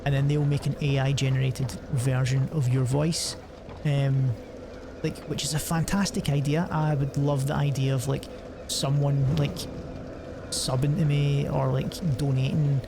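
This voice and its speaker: A man's voice: medium pitch, little pitch movement, unhurried, gravelly, noisy background. A young man, chatting casually and rambling while he streams a game, swearing often and restarting his sentences. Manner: rambling and profane, many fillers and restarts. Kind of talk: casual chat while gaming.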